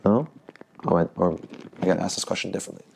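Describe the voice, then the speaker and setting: A man's voice: low-pitched, fast talker, gravelly, background noise. A man teaching a jiu-jitsu workshop in casual talk, restarting phrases and asking the group questions. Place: training room at a camp.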